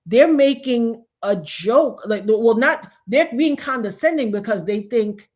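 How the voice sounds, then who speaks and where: Woman host, lively storyteller, high voice, casual chat. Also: unhurried. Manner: animated storyteller acting out quotes. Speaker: show host.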